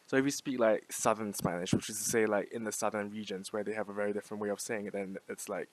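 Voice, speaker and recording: A man's voice: lowish voice, steady tone, quick pace, low-quality recording. A young man from Singapore with a light Singaporean English accent, musing unscripted to camera, full of "like" fillers and restarts. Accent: mixed, light Singaporean English. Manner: rambling, many "like" fillers and restarts. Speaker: vlogger.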